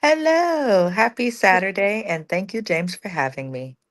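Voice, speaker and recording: A woman's voice: mid-range voice, lively intonation, unhurried. Lady co-host breaking down a reality show, firm, argues her point. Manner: firm, argumentative, lays out her case. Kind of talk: casual TV recap commentary.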